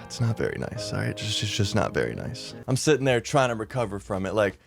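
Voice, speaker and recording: A young man telling a rambling, animated storytime vlog, laughing at himself and swearing freely. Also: lowish voice, fairly quick, vocal fry, soft background music. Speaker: YouTuber.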